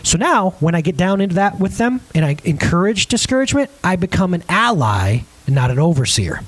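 A man preaching a lively sermon on parenting, acting out scenes and asking his audience questions. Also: sits high, brisk. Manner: animated, acts out scenes in different voices; chatty, asks the crowd questions.

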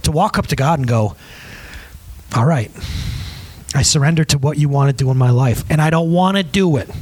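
A man pastor in his thirties preaching a conversational, emphatic sermon with audience asides and a slightly husky voice. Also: fairly high pitch, fairly quick, darkish tone.

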